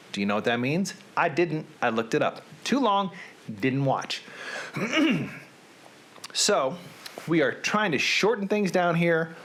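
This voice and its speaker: A man's voice: on the high side, fairly bright tone. A man hosting his own small web series, talking in a chatty, wry way with dry asides and frequent self-corrections. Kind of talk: casual rambling monologue to camera.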